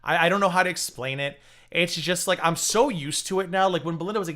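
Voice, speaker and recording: A man's voice: a little high, quick pace, pushed and bright. A man hosting a livestream, giving casual drama commentary full of sarcastic, mocking asides. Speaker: livestream host.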